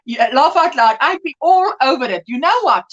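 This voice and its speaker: A woman's voice: sits high, lively intonation, normal speed, dull audio. A middle-aged woman hosting a casual livestream, chatting and reading viewer comments aloud with lots of rambling restarts. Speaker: livestream host. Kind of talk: casual chat.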